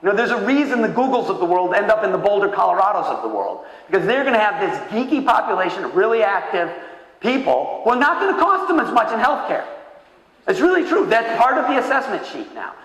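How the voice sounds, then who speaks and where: A man in his fifties delivers a keynote talk in a large hall, his fairly high voice bouncing around the room with heavy echo. He tells stories with animation, acting out other people's lines. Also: quick pace. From Massachusetts, USA. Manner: animated storyteller, acts out voices with big pitch jumps. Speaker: keynote speaker. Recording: echoey hall, heard from far off.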